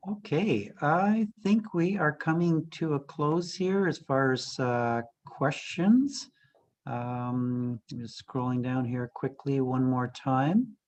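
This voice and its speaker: A moderator wrapping up a question-and-answer session in a casual, slightly halting way. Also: medium pitch, a little mellow, slight background noise. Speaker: meetup moderator. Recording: dull, distant call audio.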